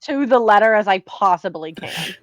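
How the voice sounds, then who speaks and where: A woman's voice: medium pitch, expressive, moderate pace, rough recording. A woman playing a tabletop game, casually describing her character with lots of fillers. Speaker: player.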